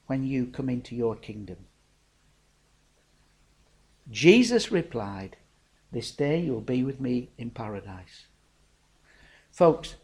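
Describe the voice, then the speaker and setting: A man's voice: a little high, warm tone. A middle-aged man, preaching a sermon in a folksy, storytelling way, calling his listeners folks.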